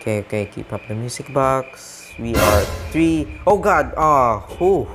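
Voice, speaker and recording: A man hosting a gaming channel gives let's-play commentary. He is excitable and panicky, counts aloud, and keeps talking to his viewers. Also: mid-range voice, a little slow. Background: game music.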